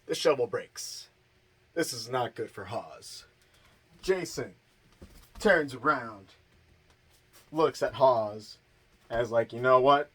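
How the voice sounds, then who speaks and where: Slow, laid-back man recapping a movie. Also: mid-range voice, animated, fairly bright tone, slightly rough. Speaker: horror movie reviewer. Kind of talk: casual plot recap.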